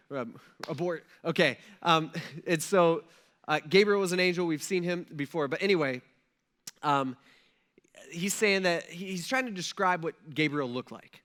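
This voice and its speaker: Male pastor, high bright voice, casual preaching that keeps asking the room "right?". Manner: conversational preaching, acting out quoted prayers, frequent "right?" and "okay?" checks. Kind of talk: sermon. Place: church auditorium.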